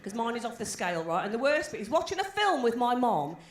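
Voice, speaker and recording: Talking fast and very animated in a fairly high voice, a forties-aged stand-up from the West Midlands works the crowd with brash, swearing humor. The comedy venue sounds echoey, with noise in the background.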